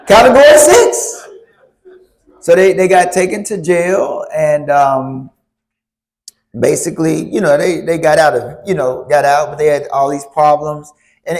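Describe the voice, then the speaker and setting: A man telling a story to a church youth group, animated, stopping to ask the audience questions. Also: fairly high pitch. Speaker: youth speaker.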